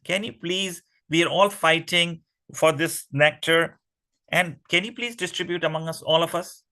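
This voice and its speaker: Brief: smitten storybook demons, put on by a male storyteller; bright, fawning, pleading. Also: fairly high pitch, normal speed, pitched above the performer's own voice. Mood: flattering plea.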